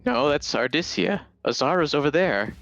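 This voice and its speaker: A man's voice: a little high, expressive, normal speed, a bit bright, muffled recording. A man playing in a tabletop game, chatting casually in a matter-of-fact way. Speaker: player.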